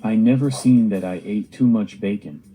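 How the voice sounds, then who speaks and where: Homemade cartoon: food-loving pig, read by a man, plain and earnest, lowish voice. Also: normal speed, mellow, a little hiss or hum, natural voice, low-quality recording. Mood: cheerful.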